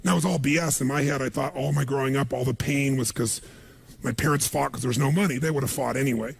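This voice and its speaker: A man giving an energetic motivational speech to a live seminar audience and calling out for their responses. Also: mid-range voice, fast talker, gravelly, slight background noise. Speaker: motivational speaker. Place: large seminar hall before an audience.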